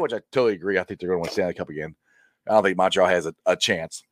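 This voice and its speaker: A man hosting a casual live-stream sports show, excitable and rambling, with frequent laughs. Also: low voice, very fast, dry recording, studio quality.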